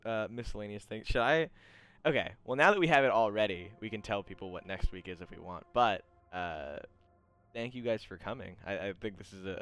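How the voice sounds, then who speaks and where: A man's voice: fairly low pitch, fairly bright tone, smooth. A man narrating as game master in a rambling, playful way that often interrupts itself. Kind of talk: running a tabletop game.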